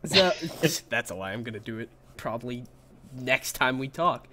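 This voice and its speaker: A man's voice: medium pitch, animated, normal speed, bright, forceful tone, slight background noise. A young man hosting a casual podcast, rambling and giggling at himself as he talks. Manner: giggly, rambling, self-mocking. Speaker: podcast host.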